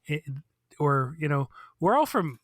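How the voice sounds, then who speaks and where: A man in casual podcast chat with a bright, forward tone, recorded close and dry with no room sound. He speaks thoughtfully and analytically, choosing his words with care. His pitch sits a little above average for a man. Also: very animated, measured pace, no room sound.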